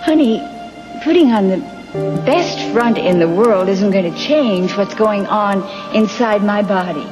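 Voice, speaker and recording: Actress playing a gentle, frightened soap mother, halting speech, loud score behind. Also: mid-range voice, expressive, over music, lightly acted. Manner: tender, halting. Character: frightened, loving middle-aged mother. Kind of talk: 1990s daytime soap acting.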